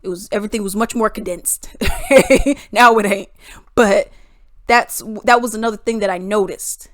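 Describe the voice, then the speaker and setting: A woman's voice: medium pitch, normal speed, a bit bright, no echo. Young woman vlogger, mid-range voice, emphatic opinionated commentary with a dry, close sound. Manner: emphatic, with rhetorical questions.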